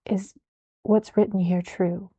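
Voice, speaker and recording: A woman voicing a calm, terse male witcher in a soft whispered role-play reading. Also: medium pitch, slow pace, husky, dry recording, muffled recording. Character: calm white-haired male witcher, terse monster slayer.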